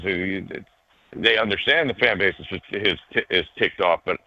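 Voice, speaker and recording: Calling in over a dull, dry remote line without echo, a male sports reporter chats casually as a radio show guest. At normal speed and in a low voice, he jokes around, hesitates, and uses plenty of filler words.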